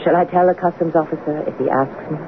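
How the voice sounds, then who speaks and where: A woman's voice: sits low, fairly even intonation, fast talker. A woman in her fifties playing a spirited, teasing French-born wife of an American general in an old-time radio drama. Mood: playful. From France. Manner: affectionate and playful. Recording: tinny, noisy old radio broadcast.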